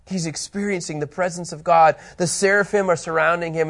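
A man teaching a Bible study, animated and emphatic, reading scripture aloud with building intensity. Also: on the high side, fairly quick, few pauses.

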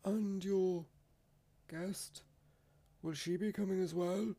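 A man's voice: high-pitched, fairly even intonation, slow pace, mellow, voice pushed up, full character voice. A man voicing an old greybeard seer, grave and a little wry, in a fantasy story reading.

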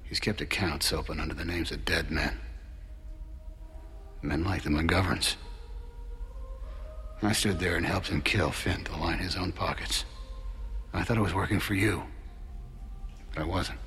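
A man playing a grim male enforcer set on revenge in a film drama, talking with tense, hushed urgency. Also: sits low, steady tone, unhurried, long pauses.

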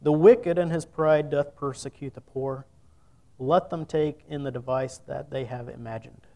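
A man's voice: mid-range voice, steady tone, measured pace, gravelly, dark tone. Earnest male preacher reading scripture. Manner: earnest, reads old scripture wording then preaches directly.

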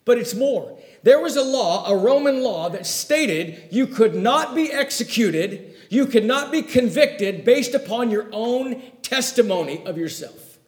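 A man preaching a sermon, reading scripture aloud and explaining it, with his voice rising loud and dropping low as he makes his points. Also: lively intonation, unhurried. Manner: dynamic preaching with sharp swings in loudness and pitch; expository, reading and unpacking scripture. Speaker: pastor.

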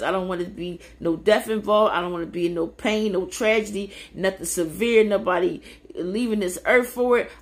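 A woman preaching on a livestream in a fervent, repetitive cadence that climbs into shouts. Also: mid-range voice. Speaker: podcast host. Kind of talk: preaching on a social media livestream. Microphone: phone or webcam on a livestream.

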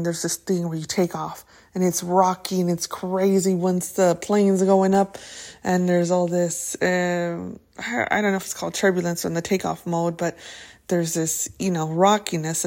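Her voice sits on the low side with a darkish tone. On her podcast she offers a casual, upbeat motivational talk, full of restarts and fillers, constantly asking "right?" or "okay?" and mixing in a few Spanish words.

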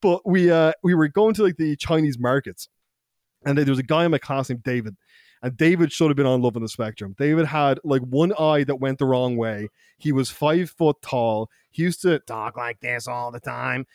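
A man's voice: mid-range voice, normal speed, darkish tone, dry recording, clean studio sound. A young man co-hosting a podcast, telling rowdy school stories in casual, profane chat, laughing often and quoting people in put-on voices. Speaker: podcast co-host. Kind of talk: casual storytelling.

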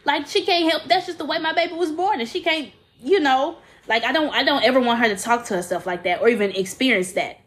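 A woman's voice: high voice, quick pace, few pauses, a bit bright. A woman co-hosting a podcast, telling stories in a blunt, profane, laughing way. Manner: candid, profane storytelling with frequent laughs. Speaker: podcast co-host. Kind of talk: casual chat.

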